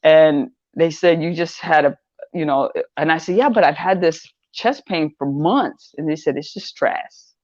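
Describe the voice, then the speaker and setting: Speaking unhurriedly in a low voice, an older woman, an online seller appearing as an interview guest, wanders through her story, repeating words and perking up when quoting others. The audio is lo-fi with no room sound.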